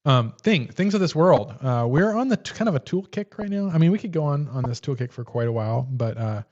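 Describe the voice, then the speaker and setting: A man's voice: fairly high pitch, lively intonation, brisk, a little mellow, highs cut off. A man co-hosting a casual livestream, rambling as he shows off a tool kit on camera. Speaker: livestream co-host.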